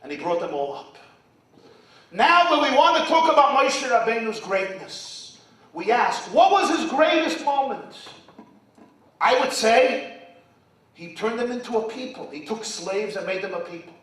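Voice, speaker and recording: High-voiced rabbi booming through an echoey hall. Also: male voice, sing-song, a little slow, distant mic. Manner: dramatic swings from shouting to near-whispers, sprinkled with Hebrew and Yiddish terms. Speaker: rabbi and speaker. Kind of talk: impassioned sermon. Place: event hall.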